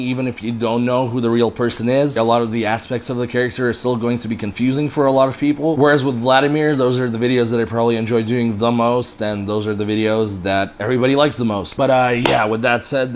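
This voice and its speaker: Casual young man answering fan questions. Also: medium pitch. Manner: relaxed, talkative, casually profane. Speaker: prank channel host. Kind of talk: casual Q&A vlog.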